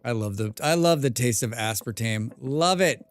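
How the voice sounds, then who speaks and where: A man's voice: medium pitch, lively intonation, normal speed, dry recording. A man live-streaming a survival game, reading viewer chat aloud and answering with dry, rambling jokes, humming and mumbling to himself in between.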